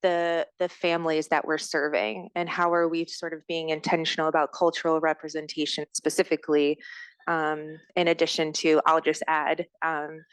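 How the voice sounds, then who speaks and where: A woman in the audience asking a careful question at a lecture, pausing with hesitations. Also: low-pitched, little pitch movement, clean tone, no echo, low-quality recording. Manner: measured, hesitant with many ums.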